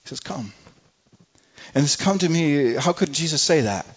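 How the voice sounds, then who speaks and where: A man preaching a sermon to a congregation with passion, swinging from soft, low moments to loud, high pleas and often repeating words. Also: lively intonation, a little fast, slightly rough, highs cut off. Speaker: pastor.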